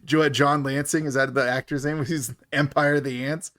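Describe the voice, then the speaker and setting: A man's voice: mid-range voice, little pitch movement, normal speed, a bit bright. Giggly man chatting about movies. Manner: laughs often, fillers like "like". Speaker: podcast co-host. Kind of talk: casual movie review chat.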